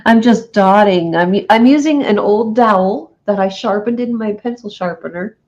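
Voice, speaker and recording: A woman's voice: mid-range voice, moderate pace, a little mellow, dull audio. A woman co-hosting a crafting session, chatting casually and chuckling between remarks. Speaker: crafting co-host. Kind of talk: casual chat while crafting.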